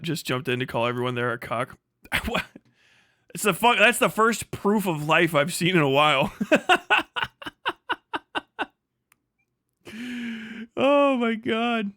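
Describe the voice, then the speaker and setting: A man's voice: fairly high pitch, sharp tone, no room sound, studio quality. A man hosting a livestream, chatting crudely and ranting with lots of swearing and laughter. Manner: ranting, profane, laughs a lot. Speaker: streamer host. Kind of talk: crude casual livestream chat.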